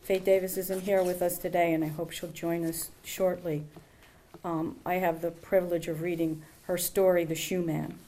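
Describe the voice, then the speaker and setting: A woman from a local writing group reading a short detective story aloud in a measured, expressive way. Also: fairly low pitch.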